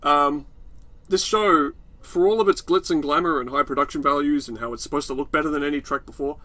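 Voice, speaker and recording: A man's voice: a little high, a little fast, bright, forceful tone, no room sound. A man with an Australian accent co-hosting a podcast, chatting casually and sarcastically about a TV episode. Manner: sarcastic, mocks scenes in put-on voices. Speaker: podcast co-host. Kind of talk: casual review chat.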